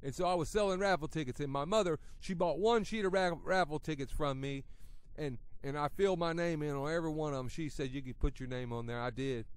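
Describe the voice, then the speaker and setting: A middle-aged man with a high voice preaches on the radio. His tone moves from easy, conversational storytelling to loud, emphatic preaching, and the recording is dry and close. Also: clear, resonant tone, no room sound. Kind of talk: sermon.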